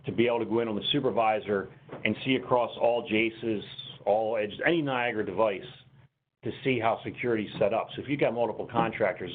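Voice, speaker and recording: A man presenting a technical webinar, talking through software steps on screen in a conversational, explanatory way. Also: lowish voice. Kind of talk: conversational software demo walkthrough. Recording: tinny phone-line webinar audio, faint noise.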